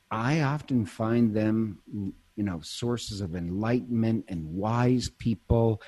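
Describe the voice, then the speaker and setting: This priest's voice is fairly low and darkish with a breathy edge. Chatting casually, he tells stories, breaks off mid-sentence, and laughs readily.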